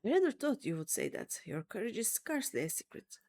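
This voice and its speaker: A woman's voice: on the high side, sing-song, brisk, darkish tone. A woman voicing a pompous male scholar who leads an archaeological expedition, reading the game lines aloud in a formal, stilted manner.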